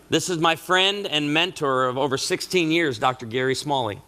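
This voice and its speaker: A middle-aged man speaks to a marriage conference audience in a sermon-style talk, his voice bright and forward. He tells stories with lively comic timing. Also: on the high side, a little fast, few pauses. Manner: animated storyteller with comic asides.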